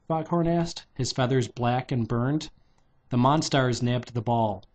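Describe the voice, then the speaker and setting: A man's voice: medium pitch, a little slow, darkish tone. A man reading a children's novelization aloud in a loose, unpolished way, stopping to redo lines. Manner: loose, unpolished delivery with restarts and "take two" retakes. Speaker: reader.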